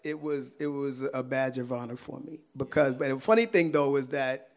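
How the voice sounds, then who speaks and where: A man telling a personal faith testimony in a casual, animated way, laughing often and swinging between loud and hushed. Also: medium pitch, moderate pace. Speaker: guest sharing a personal testimony.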